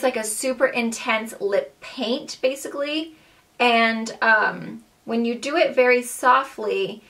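A woman's voice: fairly high pitch, a bit bright, distant mic. A young woman chatting about her favorite beauty products in a bubbly, gushing way, full of fillers. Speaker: beauty vlogger. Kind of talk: casual monthly favorites chat.

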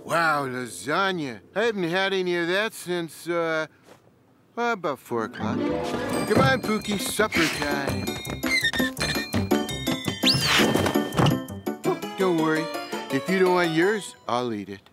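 An actor playing a lazy, sarcastic male orange cat in a cartoon, with a dry, slow drawl. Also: a little high, sing-song. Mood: smug. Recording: cartoon soundtrack with loud music.

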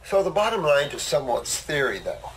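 A man's voice: fairly high pitch, big pitch swings, moderate pace, background noise. An older man hosting a casual talk, a blunt and boastful storyteller. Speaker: host. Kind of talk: casual conversation.

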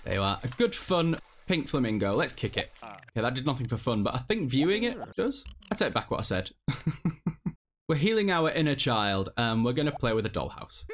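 A man's voice: mid-range voice, very animated, moderate pace, slight background noise. A man giving casual, self-mocking commentary over a video game, with a non-American English accent. He swears freely and laughs often. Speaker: let's play host.

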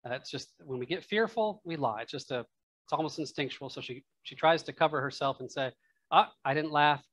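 A pastor's mid-range voice, fairly bright and slightly rough, moves fairly quickly through a church sermon, recorded with no echo. He muses aloud conversationally, adding asides and laughs.

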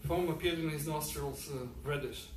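A man reading his own fiction aloud at a public event, halting with frequent fillers. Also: a little high, steady tone. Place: event hall. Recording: echoey room, distant mic, faint noise.

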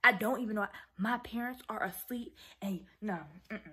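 A teenage girl vlogging to her viewers, animated and exasperated, scolding her younger sister. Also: mid-range voice, normal speed, husky. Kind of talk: casual vlog talk to viewers.

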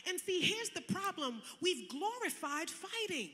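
A woman pastor preaching a sermon in a casual, colloquial way, swinging from loud shouting to soft, chatty asides. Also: extremely high pitch, big pitch swings, unhurried, in a large hall. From Connecticut, USA. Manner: casual, colloquial preaching with direct address to the congregation. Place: large church sanctuary.

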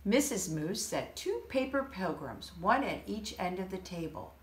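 Woman storyteller, slow, animated delivery, roomy echo. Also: medium pitch. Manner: expressive, unhurried. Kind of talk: children's story reading. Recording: echoey room.

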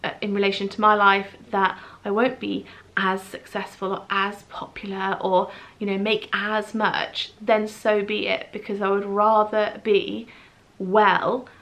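A woman's voice: mid-range voice, a bit bright, poor audio. Candid woman vlogging. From England. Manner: candid, open, many "um"s and asides. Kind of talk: personal vlog update.

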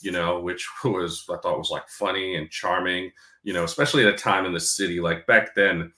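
This interview guest, a man in his forties from New York, talks fairly quickly in a low, steady, sharp voice, and the sound is roomy. Candid and casual, he swears, laughs often, and uses plenty of fillers. Underneath his largely neutral American accent sits a faint Black New York tinge.

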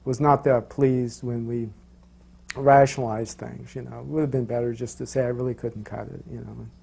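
A man's voice: medium pitch, level tone, normal speed, creaky, darkish tone, breathy edge. A man recalling past events in a loose, rambling way, full of "you know"s and restarts. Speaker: interviewee recalling his guru. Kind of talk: casual storytelling.

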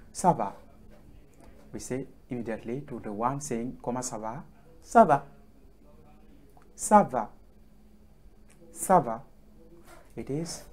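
A man teaching French in an online lesson, patiently drilling phrases over and over with hesitant pauses. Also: medium pitch, dark tone, a little hiss or hum.

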